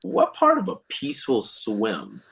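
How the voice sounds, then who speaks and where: This young podcast guest, also a singer, narrates a story at a measured pace in a creaky mid-range voice during a casual chat. He gets animated and acts out what others said, all on poor-quality audio.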